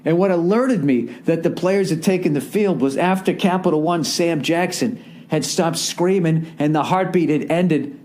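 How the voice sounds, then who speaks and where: A man in his forties with a Boston accent rants through a comedic podcast monologue. His voice sits fairly high, and he swears freely as he tells the story with lots of energy. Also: moderate pace. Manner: profane, ranting, animated storytelling. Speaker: podcast host.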